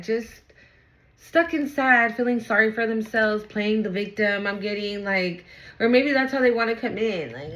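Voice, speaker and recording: This is a tarot reader, a woman with a fairly high voice at a moderate pace, recorded with poor audio. She gives a casual reading to camera, speaking bluntly and swearing freely. She repeats phrases for emphasis and asks "right?" over and over.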